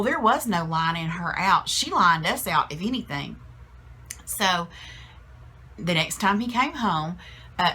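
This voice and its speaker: A woman's voice: on the low side, bright, forceful tone, breathy edge. A middle-aged woman telling a family story in a casual, chatty way, with many fillers and restarts.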